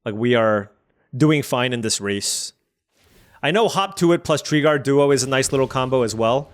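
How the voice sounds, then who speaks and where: A man's voice: medium pitch, lively intonation, normal speed. A man streaming a digital card game, chatty and musing aloud over each play as he weighs his options. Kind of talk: thinking aloud while playing.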